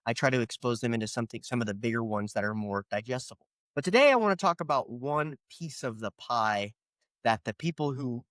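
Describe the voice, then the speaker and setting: A man's voice: mid-range voice, a bit bright, dry recording. A man hosting a solo podcast, ranting with rhetorical questions and sarcastic asides. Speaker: podcast host.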